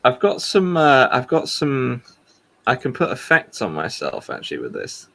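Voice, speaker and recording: A man's voice: mid-range voice, huge pitch swings, moderate pace, gravelly, fairly bright tone. A man hosting a livestream, chatting casually and rambling a little. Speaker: livestream host. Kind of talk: casual chat.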